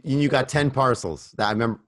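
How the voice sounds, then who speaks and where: A man's voice: medium pitch, fast, a bit bright. A man hosting an interview, asking short follow-up questions in casual chat. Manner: brief follow-up questions and backchannels.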